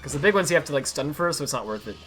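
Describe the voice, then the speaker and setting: A man streaming himself playing a game, chatting casually and yelling in frustration when play goes wrong. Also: on the high side, very fast. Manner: excitable, yells at the game when things go wrong. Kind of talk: live-streamed gameplay commentary. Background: faint game music.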